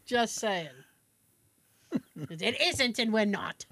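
A woman co-hosting a podcast spins a family story in relaxed chat. Her voice swings widely in pitch, and she slips into quick impressions of her relatives, laughing as she goes. The sound is dry and close, with almost no room in it. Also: vocal fry, no room sound. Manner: animated, acts out family members' voices, laughs often. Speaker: podcast co-host.

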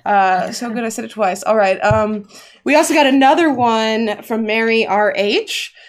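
A woman's voice: on the high side, normal speed. A woman hosting a casual livestream chat, reading viewer questions aloud and laughing along. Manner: chatty, laughs while reading tongue-twisters.

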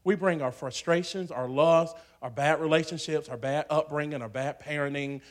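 A man preaching a sermon in a church, swinging from hushed asides to loud, shouting peaks. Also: fairly high pitch, normal speed.

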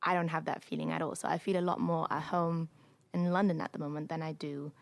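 A woman from Germany talks through her experiences in a podcast chat. Her voice sits a little low with a gravelly rasp. She brings her stories to life by acting out the dialogue. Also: fast talker, dry recording. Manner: animated storyteller, acts out quoted exchanges. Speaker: podcast co-host. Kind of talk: casual discussion.

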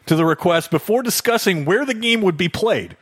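A man co-hosting a casual podcast about movies, lively and amused, laughing along with his co-host. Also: sits high, a little fast, husky, no room sound.

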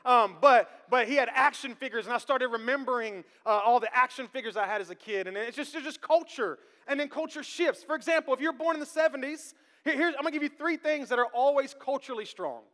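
A man in his thirties preaching a sermon to his congregation, joking, animated and often repeating his words. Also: extremely high pitch, quick pace, hardly any pauses. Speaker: pastor. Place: church sanctuary. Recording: live with long hall reverb.

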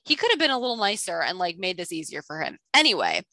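Woman podcast host, bright tone, dry close sound, casual recap chat. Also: lowish voice, very animated, no room sound. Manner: chatty, quick asides, reads clues aloud.

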